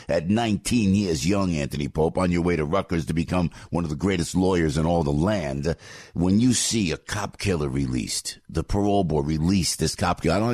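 Male radio host, low and husky, emphatic rambling delivery. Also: darkish tone, dry recording. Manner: emphatic, repeats himself, many fillers. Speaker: radio talk show host. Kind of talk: live talk radio, conversational.

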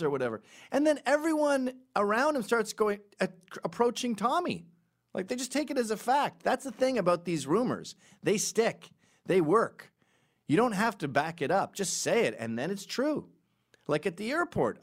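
Lively animated man hosting a podcast. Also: mid-range voice. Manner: animated storytelling with sarcastic asides. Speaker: podcast host. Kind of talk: casual podcast monologue.

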